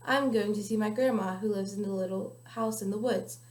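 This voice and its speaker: A woman's voice: mid-range voice, steady tone, fairly quick, darkish tone, lightly acted. Innocent polite little girl, storybook, young woman reading, roomy echo. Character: kind little girl in a red hood.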